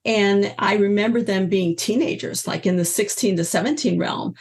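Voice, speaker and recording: A woman's voice: mid-range voice, moderate pace. A woman in her sixties, a guest telling stories in a casual interview and acting out the voices she quotes. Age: 60s. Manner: animated storyteller, acts out quoted voices. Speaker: guest, energy healer and teacher.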